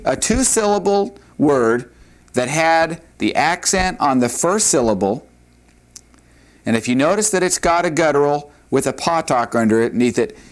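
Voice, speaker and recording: A man whose voice leans high teaches Hebrew grammar at a classroom board. He's patient, repeating the main points and frequently dropping in "all right" and "uh."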